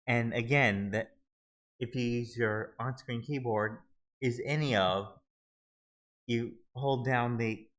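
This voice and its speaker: A man walking viewers through a website search tool in a halting, casual screen-recorded tutorial, often restarting his sentences. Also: mid-range voice, fairly even intonation, fairly bright tone, rough recording. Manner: halting, many restarts and fillers. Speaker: video tutorial host.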